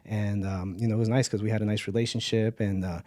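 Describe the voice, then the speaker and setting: A man in his forties hosting a podcast, reminiscing in a relaxed way with many "uh" and "I think". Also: on the low side, fast talker, no echo. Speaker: podcast host, real estate agent. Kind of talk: casual podcast interview.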